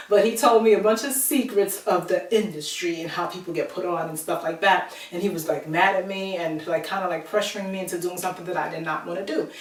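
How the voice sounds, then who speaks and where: A woman telling a personal story to her viewers in a chatty, animated way, acting out the people she quotes. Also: on the low side, fast talker, hardly any pauses. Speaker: vlogger. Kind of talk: casual storytelling to camera. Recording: roomy echo, from a distance.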